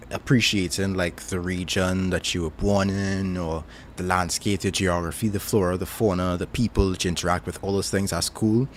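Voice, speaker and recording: A man hosting a casual chat stream, answering viewer questions in a relaxed, thoughtful way with frequent fillers. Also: deep voice, slight background noise.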